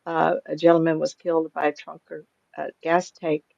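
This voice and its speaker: Gravelly older woman, rambling and anecdotal. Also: deep voice, completely flat delivery, normal speed, darkish tone, dry recording, lo-fi sound. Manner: rambling, anecdotal, laughs often. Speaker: psychic medium, guest. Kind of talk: casual interview talk.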